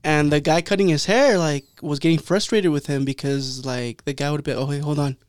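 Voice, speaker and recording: A man's voice: moderate pace, smooth, no room sound, studio quality. Swearing, storytelling young man. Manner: animated storyteller, acts out quotes in a higher voice, swears a lot. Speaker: podcast co-host. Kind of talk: casual chat.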